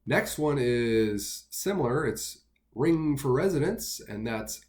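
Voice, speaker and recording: A man teaching singing basics in a relaxed, step-by-step way, pausing with fillers between his explanations. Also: mid-range voice. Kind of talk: instructional talk with sung demos.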